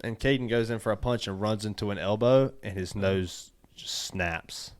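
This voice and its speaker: A man co-hosting a casual podcast, telling stories animatedly, swearing freely and acting out other people in loud bursts. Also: on the low side, moderate pace. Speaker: podcast co-host. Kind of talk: casual storytelling chat.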